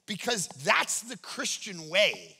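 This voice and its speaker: A man's voice: high voice, slow, husky. A male pastor preaching a humorous sermon, telling stories with jokes and acting out the people he quotes. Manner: animated, jokey, acts out quoted voices.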